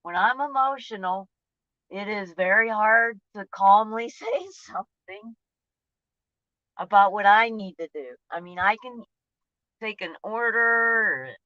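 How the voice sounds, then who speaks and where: In a casual personal vlog, a woman speaks in a mid-range voice that sounds pushed and bright. She's candid about her feelings and rambles, often trailing off and starting her thought again. The lo-fi recording is dull and dry, with no room sound.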